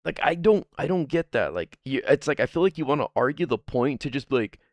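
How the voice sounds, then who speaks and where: A man's voice: medium pitch, expressive, fairly quick, no echo. Profane rambling man streaming. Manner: rambling, profane, laughs often. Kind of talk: casual stream chat.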